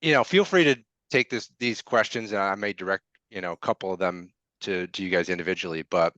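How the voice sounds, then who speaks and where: Man, casual podcast host, smooth low voice, dry slightly muffled mic. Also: brisk, fairly bright tone, dry recording. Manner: loose, hesitant, many fillers and restarts, laughs easily. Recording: dry, slightly dull sound.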